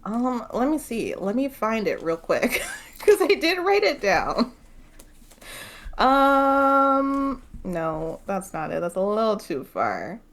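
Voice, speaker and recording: A woman's voice: on the high side, big pitch swings, takes it slowly. A young woman hosting a casual book club chat. She talks loosely, laughs often and swears freely.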